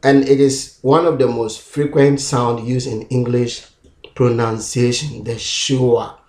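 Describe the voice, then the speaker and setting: Slow, deliberate man teaching pronunciation. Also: medium pitch, flat delivery, a little mellow, roomy sound. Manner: slow, deliberate, repeats each sound several times. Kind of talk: pronunciation lesson. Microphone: self-recorded camera.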